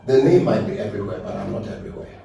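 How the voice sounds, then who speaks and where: A man's voice: lowish voice, racing, vocal fry, dark tone. Man, pastor, anecdotal, laughing storyteller, faint background noise, far from mic. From Ghana. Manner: anecdotal, laughs while telling stories. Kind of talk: storytelling interview answers. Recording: echoey room, distant mic.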